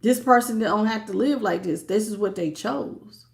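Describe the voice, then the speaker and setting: A woman giving a live tarot reading, animated and preachy, often repeating herself and laughing between greetings. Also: mid-range voice, normal speed, vocal fry. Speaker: tarot reader.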